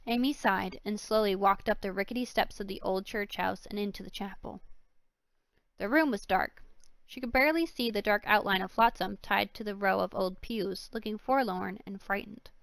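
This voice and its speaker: A woman's voice: mid-range voice, normal speed, creaky, a bit bright, no room sound. Woman reading an audiobook, dry and close. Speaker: audiobook narrator. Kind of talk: audiobook narration.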